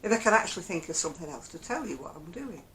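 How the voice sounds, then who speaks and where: Chatty Lancashire woman, lively sing-song voice. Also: fairly low pitch, very fast, slight background noise, poor audio. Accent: Northern English, Lancashire. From Oldham, England. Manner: chatty and rambling, chuckles often. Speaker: crochet vlogger. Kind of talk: casual chat to camera.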